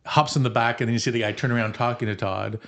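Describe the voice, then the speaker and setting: A man co-hosting a podcast, telling a prank story to friends in a casual, animated way. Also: medium pitch, fast talker. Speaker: podcast co-host.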